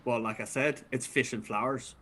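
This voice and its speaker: A man doing improv comedy, playing a scuba instructor and then hosting the next game in a playful, animated way. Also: medium pitch, moderate pace. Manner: playful, animated, drifts into accents. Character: male scuba instructor at a fish and flower shop. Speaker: improv performer and host.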